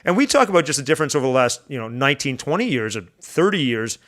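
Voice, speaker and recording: A man's voice: mid-range voice, quick pace. A man guest on a podcast, telling stories in casual chat and jumping into funny voices. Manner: animated storyteller, jumps into funny voices.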